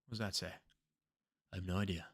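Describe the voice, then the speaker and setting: A young man streaming himself playing a geography guessing game, excitable and swearing freely, with loud outbursts. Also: low-pitched, fast, slightly rough. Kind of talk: live-stream reaction commentary.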